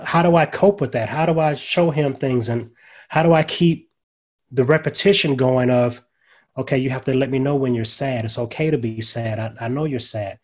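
An older man, a chaplain guest, casually telling a personal story in a folksy, conversational way and dropping softly into quoted dialogue. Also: fairly high pitch. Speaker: guest, grief ministry chaplain.

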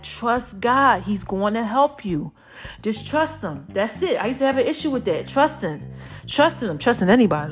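A woman hosting a casual motivational podcast, short of breath, chatty and preachy, now and then breaking into song. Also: mid-range voice. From Brooklyn. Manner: preachy, chatty, sings snatches. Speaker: podcast host.

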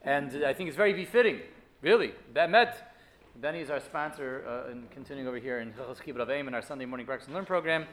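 A man giving a Torah class, lively and full of rhetorical questions, often restarting his sentences. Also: medium pitch, fast. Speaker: rabbi teaching a weekly class.

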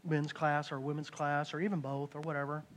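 A man preaching a conversational sermon, dropping into hushed asides and rising into loud excited bursts. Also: a little high, a little fast. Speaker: pastor.

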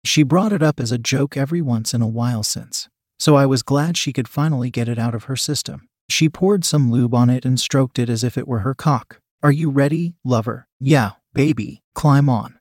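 A man narrating a first-person story in a matter-of-fact, steady way. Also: medium pitch, fairly quick, few pauses, no room sound, studio quality.

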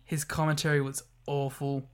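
A man's voice: fairly high pitch, level tone, moderate pace, smooth. Laughing man in casual banter. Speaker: podcast co-host. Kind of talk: casual chat.

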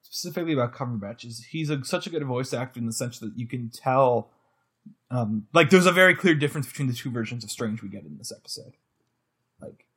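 A man's voice: mid-range voice, animated, slightly rough. Chatty, laughing male podcast co-host. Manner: chatty, quick to laugh, acts out quotes. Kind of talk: casual chat reviewing episodes.

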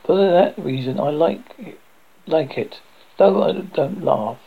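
A man voicing a calm, mocking male visitor who drops in at midnight and teases his host in a dry manner. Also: on the high side, takes it slowly, vocal fry, breathy edge, exaggerated voice. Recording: dull lo-fi recording.

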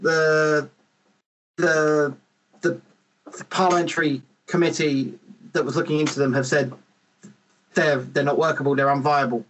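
A man hosting a casual podcast chat, animated and rambling, with lots of restarts, on a podcast microphone. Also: a little high, unhurried, long pauses, low-quality recording.

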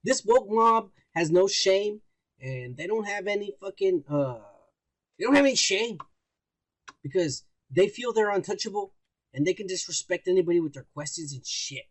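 High-voiced profane podcast co-host man. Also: animated, normal speed. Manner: profane, mocking, reads news aloud. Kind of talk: casual drunk banter.

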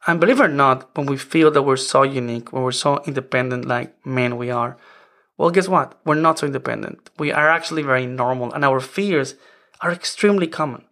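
A man's voice: mid-range voice, fairly quick, a bit bright. A man in his forties, not a native English speaker, hosting a self-help podcast in an earnest, rambling way. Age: 40s. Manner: earnest, rambling with many "I mean" restarts. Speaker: podcast host.

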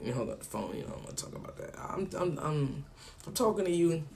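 A man hosting his own podcast rambles casually, telling stories and playing both sides of phone calls in loose, slang-filled talk. His voice is a little high and a little mellow, expressive and quick.

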